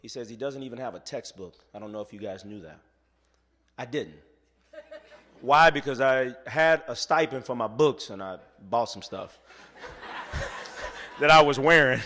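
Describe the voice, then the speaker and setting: A man giving a motivational keynote speech, telling a story and acting out the voices of the people in it, going from soft to loud. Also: medium pitch, measured pace, pauses often, long reverb tail. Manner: acts out quoted voices. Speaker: motivational speaker.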